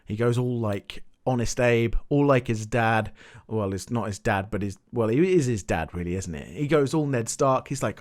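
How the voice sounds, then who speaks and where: A young man recapping a TV episode in a casual rant, animated and swearing, with exasperated outbursts. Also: mid-range voice, moderate pace. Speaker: TV recap vlogger.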